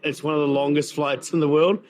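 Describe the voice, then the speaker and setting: A man's voice: fairly high pitch, level tone, fairly quick. Chatty New Zealand man, many fillers. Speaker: chef and restaurant owner. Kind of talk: casual interview. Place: busy event venue.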